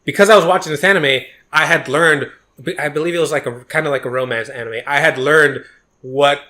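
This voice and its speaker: A man's voice: a little high, fairly quick, bright, forceful tone. A man co-hosting a podcast, telling a rambling, profane story with many restarts in casual chat. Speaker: podcast co-host.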